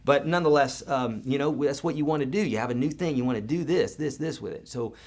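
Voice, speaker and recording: A man's voice: medium pitch, fast, a little mellow. A man teaching guitar in a live online lesson, talking casually and encouragingly with everyday comparisons.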